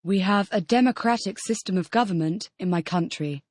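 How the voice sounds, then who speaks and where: A woman's voice: mid-range voice, moderate pace, a little mellow, no room sound. A woman reading the model answers in a scripted audio language lesson, repeating each question as a full-sentence answer. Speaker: model student answering drills.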